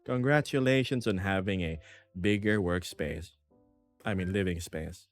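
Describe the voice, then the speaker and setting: A young man streaming from his small apartment, chatting casually with viewers and reading their comments aloud in a lively, self-deprecating way. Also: low-pitched, unhurried, faint music behind. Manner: animated, self-deprecating, reads chat aloud. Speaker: VTuber streamer. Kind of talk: casual livestream chat.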